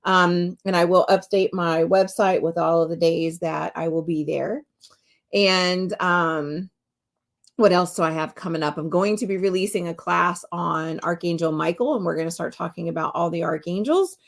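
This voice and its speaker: A woman's voice: fairly low pitch, moderate pace, creaky. A middle-aged woman hosting her own podcast as a spiritual medium, talking in a casual, candid way, swearing freely and laughing often. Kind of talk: casual solo podcast talk.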